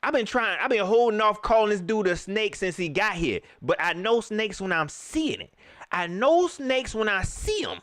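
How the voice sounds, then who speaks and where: A young man is hosting a live postgame stream in a dry, close setting, with almost no echo. his voice sits high for a man and swings all over the place. he rants in heated, slangy bursts, keeps repeating himself, and mocks the quotes he is reacting to. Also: sing-song, moderate pace, a bit bright. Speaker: livestream host. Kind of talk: animated postgame reaction talk.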